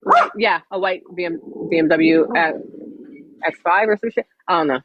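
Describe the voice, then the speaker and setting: A woman's voice: on the low side, normal speed, no echo, dull audio. A woman chatting casually on a livestream, blunt and full of swearing.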